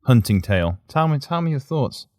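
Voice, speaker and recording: A man's voice: medium pitch, big pitch swings, moderate pace, a little mellow, no room sound, studio quality. A man hosting a podcast in casual chat. He is playful and giggly and teases the others. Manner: playful and giggly, teasing, jumps between voices. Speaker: podcast host.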